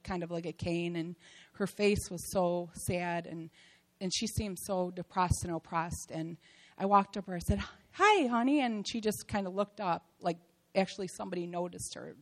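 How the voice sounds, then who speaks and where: Creaky-voiced woman giving a church testimony. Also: fairly low pitch, rough recording. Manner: heartfelt, rambling with many fillers and restarts. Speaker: church member giving a mission trip testimony.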